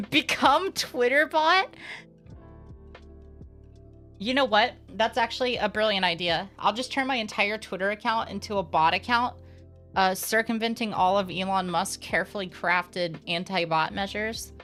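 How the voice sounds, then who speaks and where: A woman's voice: mid-range voice, normal speed, a bit bright. A young woman streamer chatting casually with her live audience, candid and sarcastic, swearing freely and rambling with lots of fillers. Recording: faint music behind.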